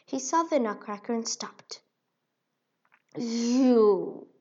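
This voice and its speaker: A woman reads a children's storybook aloud, slow and expressive. Her voice is fairly high, and the recording is dull and lo-fi. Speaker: narrator. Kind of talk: storybook reading.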